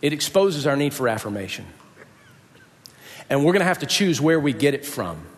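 Very animated and mid-range in pitch, a man preaches at normal speed in a large hall. He tells a story from his life and brings the quoted voices to life by performing them.

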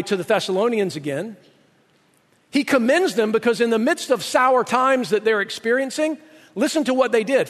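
A man's voice: extremely high pitch, fairly bright tone, in a large hall. A man preaching a sermon as pastor, emphatic and reading scripture passages aloud.

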